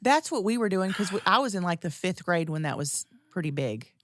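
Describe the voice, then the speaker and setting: A woman's voice: fairly low pitch, very animated, brisk, fairly bright tone, no echo. Brief: chatty woman co-host, frequent laughs, dry close mic. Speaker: podcast co-host. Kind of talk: casual chat.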